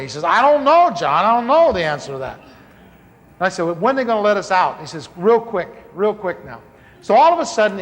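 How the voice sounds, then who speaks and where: Animated man preaching in a reverberant hall. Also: high voice. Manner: animated, comic, acts out dialogue. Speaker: preacher telling his conversion story. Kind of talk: storytelling sermon. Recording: large hall reverb, faint ambience.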